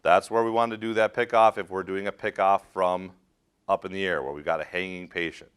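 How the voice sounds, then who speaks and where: A man's voice: sits low, steady tone, a little fast, fairly bright tone, clean tone. A middle-aged man teaching a rope rescue class, direct and practical, quizzing his students as he demonstrates. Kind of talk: hands-on safety training talk.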